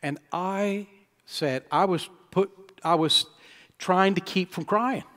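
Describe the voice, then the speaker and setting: A male pastor preaching a sermon, telling a personal story and building to loud, emphatic peaks. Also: high voice, slow pace. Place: church sanctuary. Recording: long church-hall reverb.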